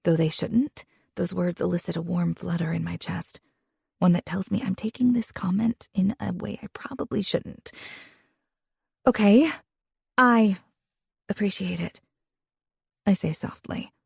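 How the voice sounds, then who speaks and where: A young woman reading a first-person romance audiobook in an expressive, intimate way, with a husky voice. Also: lowish voice, a little slow, no room sound, clean studio sound. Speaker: audiobook narrator.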